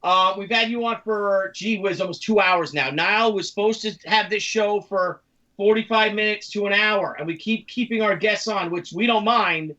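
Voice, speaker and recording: A man co-hosting a podcast in loose chat, his voice pitched high and a little distant from the mic. He rambles through stories and acts out the voices of people he quotes. The recording sounds muffled and lo-fi. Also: normal speed, bright, forceful tone. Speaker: podcast co-host. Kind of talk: casual chat.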